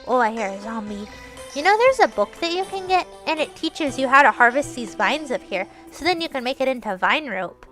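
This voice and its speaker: A woman's voice: high-pitched, big pitch swings, a little fast, fairly bright tone, soft background music. A woman talking through her game in casual, playful commentary, chatty and narrating her own moves, with bursts of teasing mock scolding. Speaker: gaming streamer.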